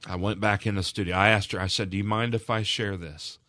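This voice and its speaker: A man's voice: fairly low pitch, fairly even intonation, a little fast, bright, forceful tone, no room sound. A man recounting a moving story in a radio studio interview, earnest and emotional, his voice rising at key moments. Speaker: charity representative.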